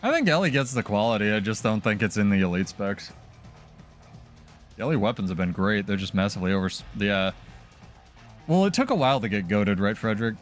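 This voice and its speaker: A man's voice: on the low side, lively intonation, brisk, long pauses, faint music behind. A man streaming gameplay and chatting casually, with laughing, swearing banter. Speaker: game streamer.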